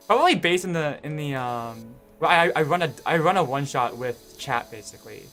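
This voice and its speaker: A man's voice: fairly high pitch, animated, normal speed, a bit bright, faint music behind. A young man chatting with his live-stream viewers in a casual, rambling way, full of fillers and restarts.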